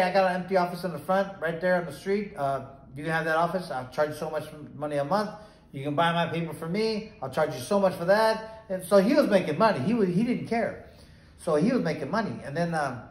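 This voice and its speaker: A man's voice: a little high, reverberant, low-quality recording. Talkative middle-aged man, rambling story. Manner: rambling, acts out both sides of dialogue. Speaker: former boxer, bail bondsman. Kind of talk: casual storytelling interview.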